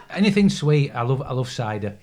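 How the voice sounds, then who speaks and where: Halting older man. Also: mid-range voice, sing-song, a loud crowd. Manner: halting, emotional, repeats words. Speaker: podcast guest, bride's father. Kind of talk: casual chat.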